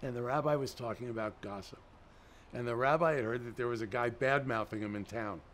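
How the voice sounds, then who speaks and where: A middle-aged man with a mid-range voice talks briskly as an interview guest, animatedly storytelling and acting out the dialogue he quotes. The clip carries a little hiss or hum.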